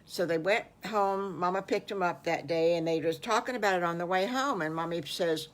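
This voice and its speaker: A woman's voice: fairly low pitch, normal speed, hardly any pauses. Older female storyteller, folksy and homespun, telling an improvised bedtime story.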